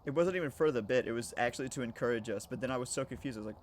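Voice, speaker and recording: This man talks rapid-fire to his chat while gaming on stream, his medium-pitched voice carrying jokes, profanity, and frequent laughter as he rambles along. A little hiss or hum sits under the audio.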